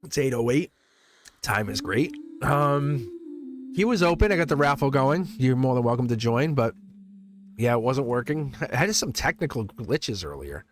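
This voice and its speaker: A man's voice: medium pitch, sing-song, moderate pace. A man reading tarot cards live for his viewers, chatty, laughing often and repeating himself. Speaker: tarot reader, livestream host.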